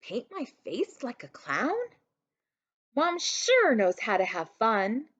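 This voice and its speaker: A woman's voice: on the high side, sing-song, slow pace, full character voice. A woman voicing a cheerful, giddy little girl who eagerly mishears everything her mother says, in a storybook reading. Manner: bright, eager and bouncy. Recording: dull lo-fi recording.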